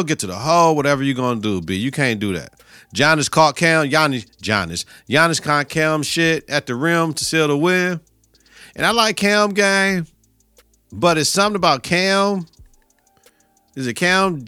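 A young man hosts his own podcast solo, chatting about sports and coaching in a loose, slangy, profane way. His voice is bright and forceful. The sound is close and dry, with no room around it. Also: on the high side, unhurried, clean tone, dry recording, faint music behind. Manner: profane, slangy, animated riffing. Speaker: podcast host, teacher and coach.

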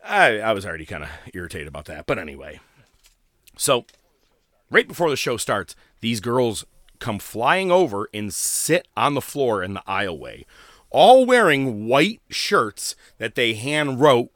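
A man hosting a wrestling podcast, spinning a long story with plenty of swearing. His pitch swings widely as he gets worked up. The sound is close and dry, with no room around it. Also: unhurried, no echo. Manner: profane, animated storyteller, voices others in quotes. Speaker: podcast host. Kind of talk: casual storytelling chat.

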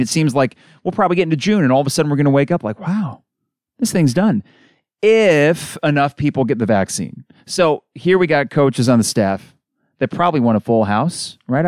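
A man's voice: mid-range voice, a little mellow, dry recording, clean studio sound. Exasperated ranting male podcast host. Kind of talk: solo sports podcast rant.

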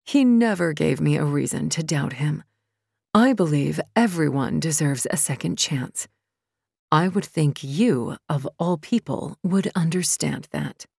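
A woman voicing a composed woman who runs a retreat and speaks evenly and with measured polish. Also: deep voice, animated, vocal fry, a little mellow, husky, dry recording, studio quality, exaggerated voice.

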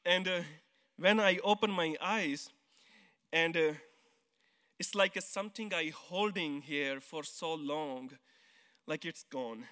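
A man's voice: a little high, slow, pauses often, pushed and bright, smooth. A man from India with an Indian English accent, giving a personal testimony in church on a handheld mic, speaking simple, earnest English with some hesitant restarts. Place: church hall. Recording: long reverb of a church hall.

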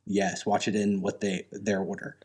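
Fairly low-voiced guy on a podcast, unsure, thinking out loud, casual. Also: little pitch movement, moderate pace, breathy edge. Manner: hesitant, thinking aloud. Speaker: podcast co-host. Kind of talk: casual chat, speculating about a movie.

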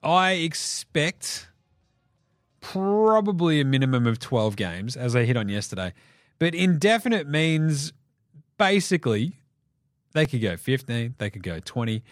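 Australian man, podcast host, swearing a lot, laughing, lively swoops in pitch, dry close sound. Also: measured pace, no room sound. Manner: animated, profane, laughing between jokes. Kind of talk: solo sports podcast rant.

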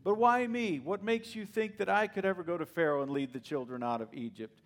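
A man's voice: sits high, brisk, pitched above the performer's own voice. A man voicing a whiny adult man who pleads and stammers through excuses. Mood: pleading. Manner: stammering, whining.

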